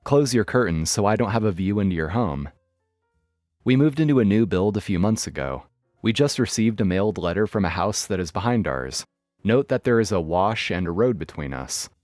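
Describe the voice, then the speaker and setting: A man's voice: lowish voice, animated, moderate pace, a little mellow, no room sound. A man narrating online stories in a wry, matter-of-fact scripted style. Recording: dry studio voice with faint music. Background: faint background music.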